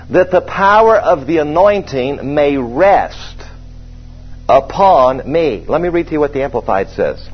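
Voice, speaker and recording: A man preaching a sermon to a congregation, slowing down to press on each line of scripture. His voice is husky and sits at an everyday pitch. The recording sounds dull and lo-fi. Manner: conversational, asks the congregation questions, slows and stresses scripture. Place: church service with a congregation.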